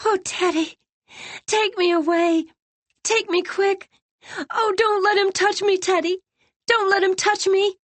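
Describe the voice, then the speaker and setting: A woman's voice: steady tone, measured pace, pauses often, a bit bright, no echo. A woman voicing a shrieking, terrified young girl. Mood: sobbing pleas. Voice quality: shrill, pleading.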